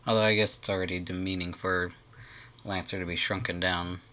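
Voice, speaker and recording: A man comments casually on a game story as he plays through it, with wry, joking asides that he half mutters. His voice sits low for a man, with a bright, forceful tone. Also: level tone, fairly quick. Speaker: game player reading aloud.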